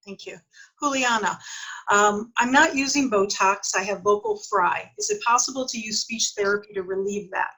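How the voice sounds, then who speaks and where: A woman moderating a panel, briskly thanking speakers and reading out audience questions. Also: medium pitch, gravelly, pushed and bright, husky, rough recording. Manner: brisk, reads questions aloud. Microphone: video call.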